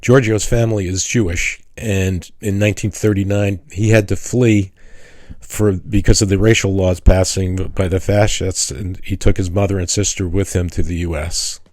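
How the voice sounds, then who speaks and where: An older man talks through a class in a low-pitched voice. He wanders through personal stories, pausing and restarting his sentences as he goes. The tone is that of a retired architect sharing memories. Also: steady tone, darkish tone. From New York City. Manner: rambling, halting with restarts and fillers. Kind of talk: casual lecture with personal stories.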